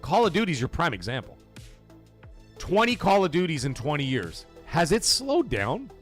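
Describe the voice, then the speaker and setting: A fired-up male host riffs on a live gaming stream, swearing freely and calling out chatters by name. His voice sits on the higher side and swings widely in pitch as he gets going, with faint music underneath. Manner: ranting, profane, greets chat by name.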